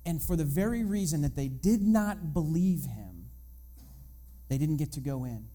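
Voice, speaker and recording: A man's voice: fairly high pitch, expressive, moderate pace, mellow. A man in his thirties preaching a sermon in a conversational way, acting out the voices of the people and of God as he tells the story. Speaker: pastor.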